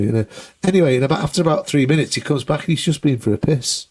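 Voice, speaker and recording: A man with a slightly husky voice, chatting on a podcast. He tells his stories with gusto, slipping into the voices of the people he describes and swearing freely along the way. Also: medium pitch, fast talker, hardly any pauses, a little mellow. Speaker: guest comedian and musician. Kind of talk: casual podcast chat, anecdote telling.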